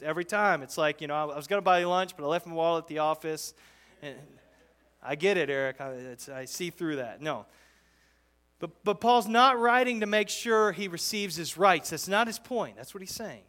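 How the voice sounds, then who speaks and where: A man preaching a verse-by-verse sermon, talking conversationally but with emphatic, animated bursts. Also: high-pitched. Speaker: pastor. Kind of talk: expository sermon.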